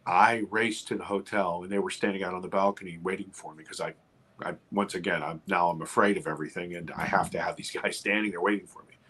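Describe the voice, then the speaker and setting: A man, a filmmaker guest on a live podcast, telling a story and acting out his own panic in excited, high-pitched bursts. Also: quick pace, breathy edge.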